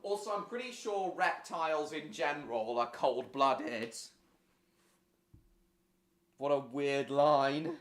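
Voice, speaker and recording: A man's voice: on the high side, takes it slowly, pauses often, fairly bright tone, echoey room. A man hosting a live stream, chatting casually over a show, rambling with many fillers and restarts.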